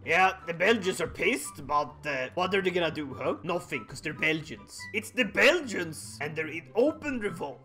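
A high-voiced man with a bright, lively delivery narrates a war strategy game with comic outbursts. His pitch swings widely as he cheers and yells at his units. Faint game music plays behind him. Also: normal speed, hardly any pauses. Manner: excitable, shouting at units, mock accents. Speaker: gaming YouTuber. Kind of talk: comedic gameplay commentary.

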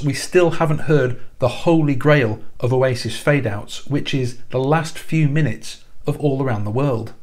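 A man's voice: mid-range voice, darkish tone. A man talks through a music countdown video to camera. He sounds chatty and enthusiastic, with a fan's eagerness and the odd dry aside. His voice sits in a middle range for a man. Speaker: music YouTuber and band musician. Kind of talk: casual countdown narration to camera.

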